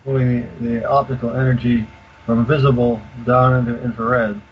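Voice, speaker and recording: An older man explaining in detail as a radio guest, halting with many fillers and restarts. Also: medium pitch, level tone. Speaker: guest expert. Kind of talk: casual explanation on a call-in radio show. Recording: dull lo-fi call audio with faint hiss.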